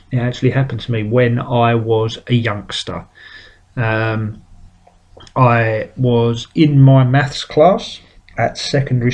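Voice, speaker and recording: A man's voice: mid-range voice, a little mellow. A man with a British accent hosting a weekly drawing show, chatting casually and telling self-mocking stories. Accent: British English. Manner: self-mocking storyteller, acts out quotes. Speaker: webcomic artist and show host. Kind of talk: casual rambling chat while drawing.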